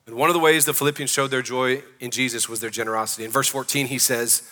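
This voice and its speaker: A man's voice: medium pitch, steady tone, fast, pushed and bright. Emphatic pastor man in a reverberant church. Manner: emphatic, calls out to the congregation. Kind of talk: sermon. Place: church sanctuary. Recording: long reverb of a church hall.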